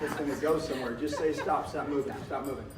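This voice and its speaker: A man's voice: medium pitch, steady tone, fast, crowd noise. A man performing as a magician and variety showman, talking in a jokey, folksy patter and chuckling often. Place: live stage show with audience. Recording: roomy, distant, with faint noise.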